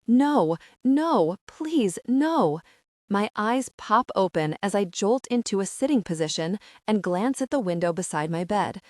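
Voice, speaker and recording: Woman audiobook narrator, mid-pitched, emotive and measured, very dry close recording. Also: expressive, no room sound. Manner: emotive, measured storytelling with dramatic slowdowns. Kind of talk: scripted first-person narration.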